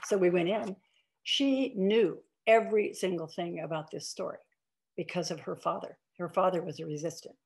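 Older woman with a gravelly, husky voice. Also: lowish voice, normal speed, a little mellow. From Iowa, United States. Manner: chatty storyteller, many fillers and restarts. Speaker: author giving a talk. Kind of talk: anecdotal lecture over video call. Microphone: video call.

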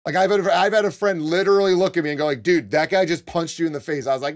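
Animated swearing streamer man. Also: on the high side, fast talker. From Connecticut. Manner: animated, swearing, laughing often. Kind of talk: casual storytelling to chat. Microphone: desk mic.

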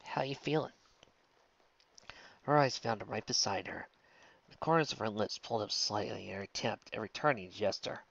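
A man narrating a story in a steady, soft-spoken way, his voice gravelly with a touch of fry. The recording is dull and dry, with no room sound. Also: on the low side, brisk, dry recording. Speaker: story reader. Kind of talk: reading fan fiction aloud.

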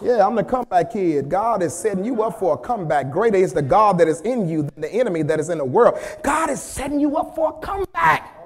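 A man preaching a sermon in a church, calling on the congregation to repeat after him and swinging from hushed, low talk to loud shouted peaks. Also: big pitch swings, fast talker. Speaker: pastor. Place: church sanctuary.

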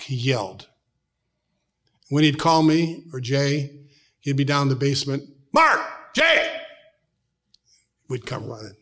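A middle-aged man with an American accent, preaching a sermon as a pastor, telling stories and dropping from loud to hushed tones. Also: fairly high pitch. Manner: storytelling, shifts from loud to hushed.

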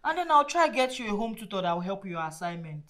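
An actress playing a busy, career-driven wife and mother who swings from weary to loud. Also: medium pitch, big pitch swings, fast. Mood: soothing. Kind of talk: film drama acting.

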